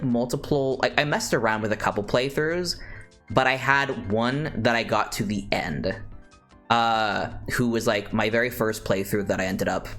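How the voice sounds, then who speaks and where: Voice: mid-range voice, fairly bright tone. A streamer chatting casually about games and music, rambling, often restarting sentences. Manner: rambling, with frequent restarts and side comments. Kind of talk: casual chat.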